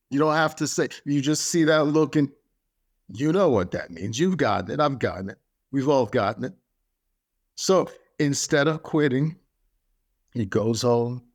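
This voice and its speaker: A man giving a motivational podcast talk, speaking emphatically and driving his points home through repetition. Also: a little high.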